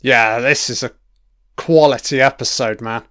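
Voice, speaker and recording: A man's voice: medium pitch, steady tone, a little slow, pushed and bright, smooth, dry recording, clean studio sound. A man giving a casual commentary on a TV episode, chatty and swearing freely, laughing along as he watches.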